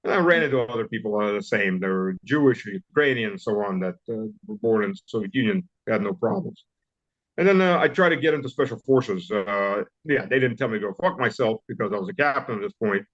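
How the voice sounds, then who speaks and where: A man in his fifties with a Southern US accent, a guest telling stories in an interview, blunt and wry, halting with many fillers and restarts. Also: fairly low pitch, animated. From southern United States. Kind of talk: casual interview storytelling. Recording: dull lo-fi audio.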